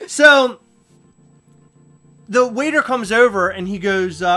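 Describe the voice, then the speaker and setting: High-voiced, bright man telling a story. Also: unhurried, long pauses, soft background music. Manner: animated, loud outbursts while retelling a story. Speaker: podcast host. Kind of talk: casual storytelling chat.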